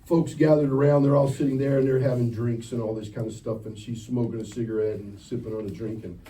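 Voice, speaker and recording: A man's voice: mid-range voice, fairly even intonation, fast talker. A man preaching a sermon to teenagers at a youth camp, direct and joking, firing questions at the crowd. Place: church camp meeting. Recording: distant mic with faint ambient noise.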